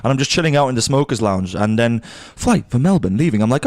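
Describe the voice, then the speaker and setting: A man's voice: mid-range voice, animated, a little fast, few pauses, no echo, studio quality. Rambling, sweary man telling stories. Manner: rambling anecdotes, acts out voices, sweary. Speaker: podcast co-host. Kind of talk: casual chat, storytelling.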